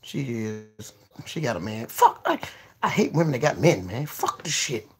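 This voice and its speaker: A man hosting a casual livestream, talking to his viewers in a profane, excitable way that swings from low mumbling to sudden yelling. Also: moderate pace, husky. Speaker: livestream host.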